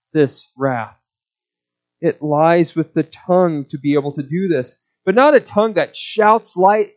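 A man preaching a sermon in a measured, deliberate teaching manner. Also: sits high, darkish tone, highs cut off. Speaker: pastor.

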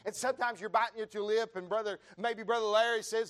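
An American man preaching a sermon in a church, building his repeated phrases up into fervent shouts while the congregation answers with amens. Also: high voice, fast talker, few pauses. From United States. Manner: rising to fervent shouts, repetitive rhythmic phrasing.

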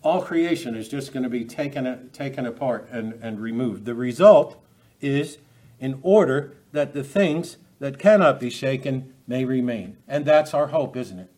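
A man's voice: medium pitch, lively intonation, moderate pace, hardly any pauses, darkish tone. Man preaching a sermon, conversational. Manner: unscripted, many restarts, asks the audience rhetorical questions. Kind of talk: expository sermon.

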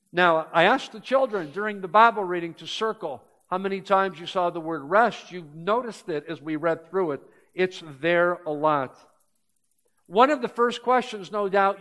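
With a fairly bright, high and light voice, an older male pastor gives a sermon to his congregation. His storytelling is easygoing at first, but he presses each point harder as he goes.

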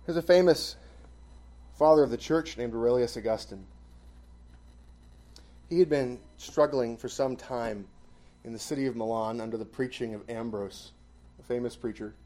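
A man preaching a sermon and closing in prayer, stressing key phrases with sudden loud emphasis. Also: mid-range voice, normal speed, long pauses.

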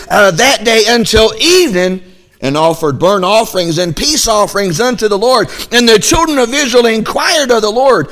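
High-voiced preaching pastor. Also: male voice. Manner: animated preaching, acts out the Israelites' voices, reads scripture aloud. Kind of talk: sermon.

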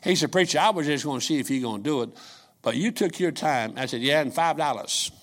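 An older man preaching a sermon, telling folksy stories and swinging from quiet asides to shouts. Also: fairly high pitch, expressive, quick pace. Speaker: pastor.

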